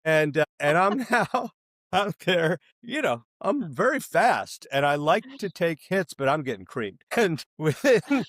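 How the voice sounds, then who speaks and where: A man telling a long comic story in a casual interview, animated and acting out the people he quotes, with some swearing. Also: a little high, a little slow, dry recording, studio quality. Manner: animated, acts out quoted voices, swears freely. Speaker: filmmaker telling stories.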